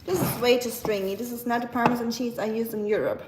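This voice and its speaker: A chatty woman with a German accent hosts a cooking live stream, her voice sitting a bit high. She jokes at her own expense in a playful, easygoing way. The home stream is noisy, with clicks in the background. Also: fairly even intonation, quick pace, reverberant. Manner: chatty, playful and self-mocking.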